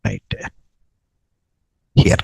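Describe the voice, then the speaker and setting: A man's voice: drawn-out words, dry recording, rough recording. A man teaching a programming class, dictating code and checking in with "no?" and "okay, right". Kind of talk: live coding lesson.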